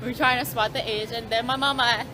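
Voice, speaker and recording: A woman's voice: fairly high pitch, fairly even intonation, a little fast, a crowd in the background. A young woman in a casual vlog, giggly and blunt, joking around with her friend. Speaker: vlogger. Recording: handheld camera with clear background noise.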